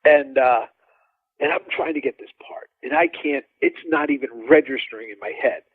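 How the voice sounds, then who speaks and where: A man, a drummer guest, telling studio stories in a rambling, animated way and acting out what others said. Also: medium pitch, moderate pace, husky, dry recording. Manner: animated, rambling, acts out quoted dialogue. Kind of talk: casual storytelling interview. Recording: dry tinny phone-like line.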